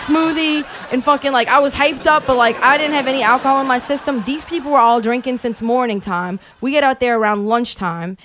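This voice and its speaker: A woman's voice: sits high, fairly quick, hardly any pauses, noisy background. A woman, co-hosting a podcast and telling casual stories, swearing freely and acting out the people in them. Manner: animated storyteller, swears a lot, acts out voices. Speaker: podcast co-host. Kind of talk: casual chat.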